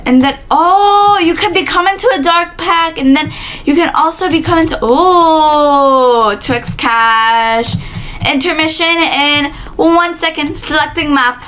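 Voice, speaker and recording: Excitable high-voiced woman gaming host. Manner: excitable, screams and laughs often. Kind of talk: excited gameplay commentary. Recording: steady background noise with keyboard clicks.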